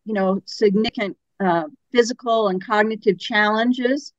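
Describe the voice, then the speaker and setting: A woman guest on an interview talks about active aging as an expert, laying out her ideas earnestly and building each point through a string of questions. Her mid-range voice keeps a fairly even intonation at a moderate pace. The conversational exchange is captured in a dry, slightly dull lo-fi recording.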